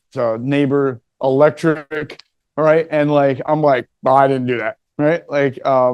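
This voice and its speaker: A man's voice: mid-range voice, darkish tone, no echo. A middle-aged man telling stories about his childhood in a loose, joking way, often asking "right?". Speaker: speaker telling his life story. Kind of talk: casual storytelling talk.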